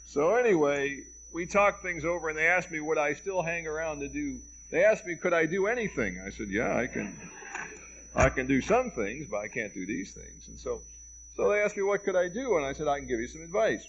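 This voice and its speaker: A man's voice: a little high, animated, normal speed, gravelly, fairly bright tone. A middle-aged American man giving a public lecture at a college, telling anecdotes with wry, dry humor and acting out the dialogue, on a dull old reel-to-reel tape. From United States. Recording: dull lo-fi reel-to-reel tape with faint hiss and hum.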